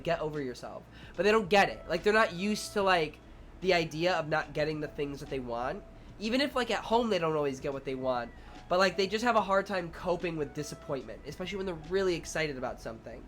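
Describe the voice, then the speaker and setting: A man's voice: a little high, slight background noise. A young man, a preschool teacher and streamer, chatting casually and animatedly with viewers, acting out his own and the children's lines and swearing freely. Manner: animated storytelling, acts out kids and himself, swears casually.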